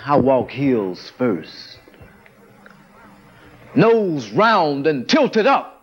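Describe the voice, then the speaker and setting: Male poet, slow dramatic recital, very lively pitch, dull lo-fi recording. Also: breathy edge. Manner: dramatic, swelling and dropping delivery. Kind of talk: spoken word poetry recitation.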